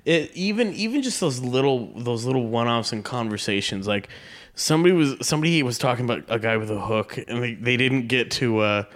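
A man's voice: mid-range voice, brisk. Man retelling jokes, laughing through them. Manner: excited retelling of jokes, laughing mid-story. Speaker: comedian, podcast co-host. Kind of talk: casual chat.

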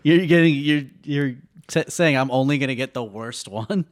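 A man's voice: medium pitch, normal speed, no room sound, clean studio sound. A middle-aged man in casual comedic banter, playful and easily amused, laughing often.

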